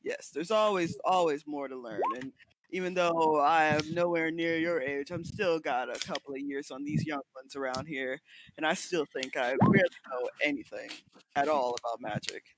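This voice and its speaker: A man's voice: fairly high pitch, normal speed. A man speaking in character as a tabletop game player, hesitant and thoughtful with many fillers. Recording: noisy mic with clicks.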